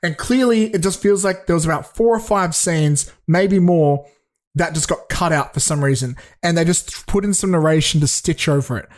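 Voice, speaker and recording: A man's voice: on the high side, normal speed. A young man, a podcast co-host, reviewing a film in casual chat, rambling and swearing with many restarts.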